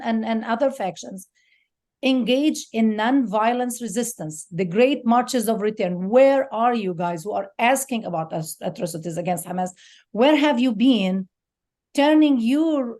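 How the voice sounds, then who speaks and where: A woman's voice: a little high, darkish tone. A woman guest speaker at a forum, talking in an outspoken, emotional and passionate way. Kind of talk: impassioned panel talk.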